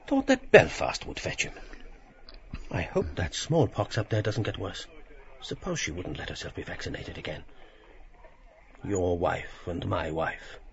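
A man's voice: low-pitched, gravelly, a little hiss or hum, exaggerated voice. An actor playing a mild, wistful man who muses and hesitates. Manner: musing, hesitant, rambling inner talk. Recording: dull lo-fi radio drama recording.

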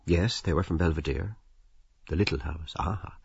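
Husky low guy reading a novel, wry and measured, dry dull recording. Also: dry recording. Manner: measured, wry, expressive storytelling. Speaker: audiobook narrator. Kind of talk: scripted literary narration.

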